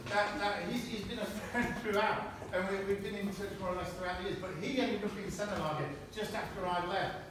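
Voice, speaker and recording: Middle-aged man, high-voiced, stop-start storyteller; picked up from afar on a phone, boomy echoing room with background noise. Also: steady tone. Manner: halting and anecdotal, with frequent restarts and chuckles. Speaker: retiring army medic giving a farewell speech. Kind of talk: informal farewell speech to friends. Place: indoor gathering in a historic hall at night. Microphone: friend's phone held at a distance. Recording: distant phone recording, very echoey room, audible noise. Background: room ambience of a gathering.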